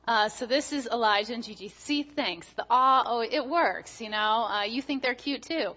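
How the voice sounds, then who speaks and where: A woman's voice: on the high side, moderate pace, pushed and bright, dull audio. A woman in her thirties, a guest speaker giving a chatty, story-filled sermon with many filler words.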